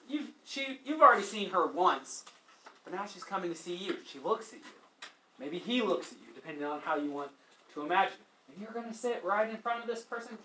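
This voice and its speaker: A male teacher lecturing a class, animated, asking students questions and acting out quotes as he retells a story. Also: sits high, a little hiss or hum. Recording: echoey classroom.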